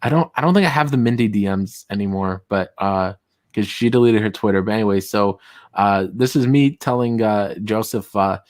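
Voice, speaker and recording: A man's voice: fairly low pitch, moderate pace, no room sound, clean studio sound. A man hosting a casual talk show, reading messages aloud with sarcastic asides and frequent laughter. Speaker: show host.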